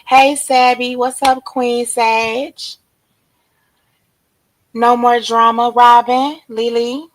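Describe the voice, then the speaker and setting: A hoarse woman, chatting casually on a livestream and greeting viewers by name in a drawn-out, relaxed way. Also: fairly high pitch, rough recording. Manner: relaxed, drawn-out shout-outs to commenters. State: hoarse, losing her voice. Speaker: livestream host. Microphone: streaming setup.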